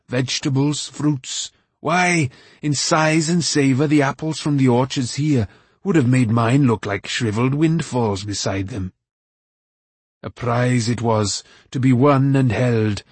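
Wry old farmer guy as a reader puts him on, fatherly, husky, dry close sound. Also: mid-range voice, darkish tone, no echo. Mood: earnest. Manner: measured, dry wryness.

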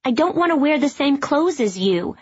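A woman reading aloud, voicing a frank, headstrong young woman dancer in a lifted, lively voice. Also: high-pitched, normal speed, lo-fi sound, pitched above the performer's own voice.

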